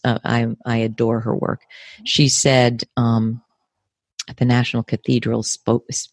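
A woman in her fifties with an American accent, speaking as an interview guest in a measured, emphatic way, often repeating words for stress. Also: a bass voice, a little mellow, husky, dry recording, clean studio sound. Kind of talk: earnest conversational interview.

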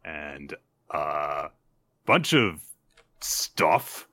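Man, podcast co-host, very low voice, bright edge, dry close sound, lively storytelling. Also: extremely slow, dry recording. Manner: animated retelling, acts out character lines. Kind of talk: casual chat recapping manga chapters.

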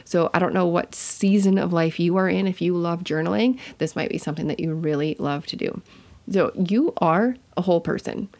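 Gravelly low-voiced woman podcast host. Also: moderate pace. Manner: chatty and warm-hearted, with self-corrections. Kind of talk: casual teaching monologue.

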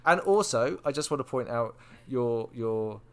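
A man co-hosting a podcast, chatting casually and telling stories in an animated way, often repeating words. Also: medium pitch, a little slow. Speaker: podcast co-host. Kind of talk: casual chat.

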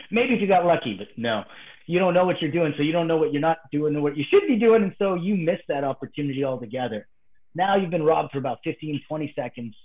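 A man, a martial arts guest, telling a story animatedly and swinging between hushed and excited delivery. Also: fairly high pitch. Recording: phone-like remote call line.

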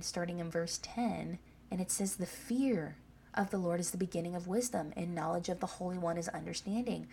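A woman's voice: mid-range voice, mellow, slight background noise. Woman preaching an emphatic sermon. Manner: emphatic, asks the listeners "Amen?".

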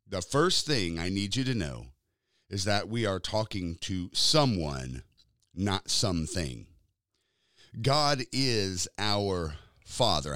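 Lively preaching man on a podcast. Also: fairly low pitch, no echo, clean studio sound. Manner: lively, sing-song opening that settles into slow, deliberate preaching. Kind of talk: sermon podcast.

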